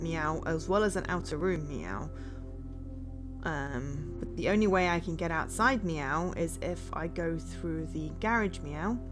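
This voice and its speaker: A woman streaming a puzzle game, tacking a meow onto nearly every phrase as a dare while she thinks aloud with many pauses, sounding tired late at night. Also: on the low side. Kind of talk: casual charity stream commentary.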